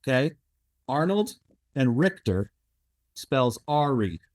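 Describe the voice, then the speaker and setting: A man's voice: mid-range voice, big pitch swings, slow pace, a little mellow, no echo. A man in his thirties hosting a podcast in casual conversation, rambling and jumping between thoughts with lots of fillers. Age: 30s. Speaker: podcast host. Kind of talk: casual interview chat.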